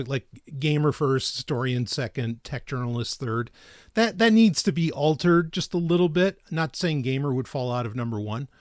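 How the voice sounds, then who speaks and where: A man's voice: medium pitch, no room sound, studio quality. A man co-hosting a podcast in casual chat, rambling and restarting his sentences, often breaking into laughter. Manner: rambling, self-interrupting, quick to laugh. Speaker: podcast co-host. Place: studio.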